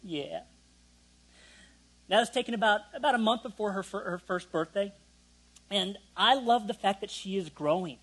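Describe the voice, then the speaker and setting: A man's voice: high voice, moderate pace, pauses often, a bit bright, rough recording. A young man preaching a sermon in a conversational way, with self-deprecating asides to the congregation. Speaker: pastor.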